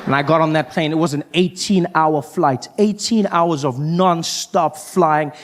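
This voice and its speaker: A man from South Africa with a South African accent, performing stand-up comedy with animated storytelling that slips into character voices. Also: fairly high pitch, a little hiss or hum. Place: live comedy venue with audience.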